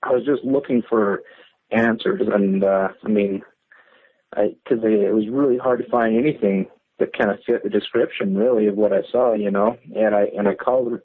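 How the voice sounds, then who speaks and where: A man's voice: on the low side, steady tone, normal speed. Man on a tinny phone line. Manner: rambling, many fillers and restarts. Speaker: caller. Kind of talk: casual storytelling on a call-in show.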